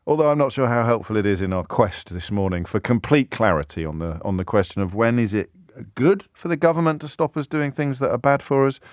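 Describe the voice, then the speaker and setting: Wry radio host, dry studio sound. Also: male voice, mid-range voice, expressive, a little fast, few pauses, no room sound. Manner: wry, self-mocking storytelling. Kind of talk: radio phone-in talk. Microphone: studio microphone.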